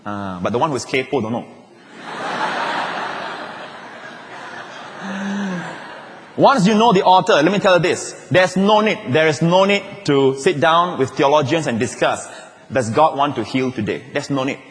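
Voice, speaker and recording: A pastor, preaching a lively sermon with jokes and playful asides. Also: male voice, fairly high pitch, slow, long pauses, slight background noise. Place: large church auditorium. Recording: long reverb of a large hall.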